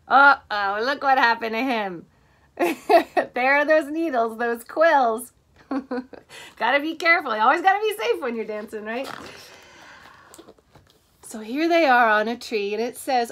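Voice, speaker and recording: A woman teacher reading a picture book to children in an animated way, stopping to ask them questions. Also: sits high, measured pace.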